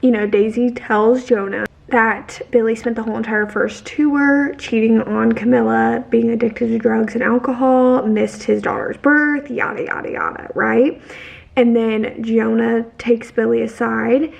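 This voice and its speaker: A woman's voice: a little high, steady tone, a little slow, creaky, dull audio. A woman recapping a novel in a casual, rambling way, full of fillers and restarts, and emphatic with her opinions. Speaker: book vlogger.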